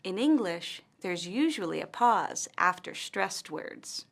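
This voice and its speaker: Deliberate American woman teaching English. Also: lowish voice, lively intonation, gravelly, a bit bright. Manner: slow, deliberate, carefully articulated delivery. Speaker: English instructor. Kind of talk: scripted teaching narration.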